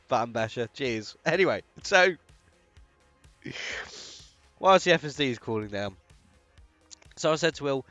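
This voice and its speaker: A man's voice: mid-range voice, expressive, measured pace, pauses often, a bit bright, no room sound, soft background music. A British man streaming a game, telling a long, rambling story in a chatty way, with lots of fillers and little chuckles. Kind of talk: casual storytelling while gaming.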